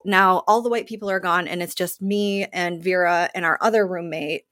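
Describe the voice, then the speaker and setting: A woman with a slightly low voice, speaking as a guest in a casual interview. She tells the story animatedly and now and then acts out other people's lines. The sound is dry and close. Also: fairly even intonation, moderate pace, fairly bright tone, dry recording. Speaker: actor in the play.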